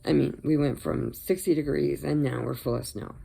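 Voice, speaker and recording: A woman's voice: a bass voice, fairly even intonation, normal speed, vocal fry, mellow, husky. An older woman from Illinois, chatting casually and rambling on her crochet vlog, laughing often. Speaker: crochet vlogger. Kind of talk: casual chat.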